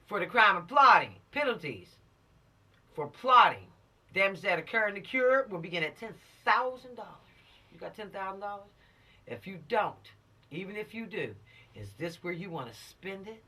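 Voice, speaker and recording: Teaching teens about the law, this instructor speaks at normal speed in a medium-pitched voice with a breathy edge, far from the mic. She's emphatic, lively, and showy, speaking right to them and pushing them to stay out of trouble.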